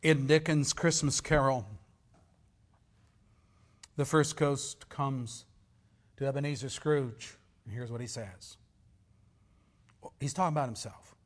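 A male pastor preaching a sermon, swinging from loud emphasis to near whispers. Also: medium pitch, steady tone, slow pace, long pauses.

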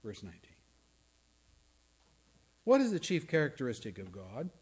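A man's voice: medium pitch, huge pitch swings, normal speed, darkish tone, breathy edge. A male pastor preaching a sermon, earnest and questioning, sometimes dropping to a near-whisper for emphasis.

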